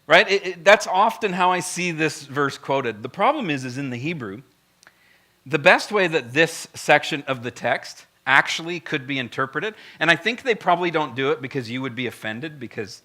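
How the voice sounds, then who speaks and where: Male pastor, sermon, high voice, conversational and blunt, emphatic asides to the congregation. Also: lively intonation, moderate pace, pushed and bright.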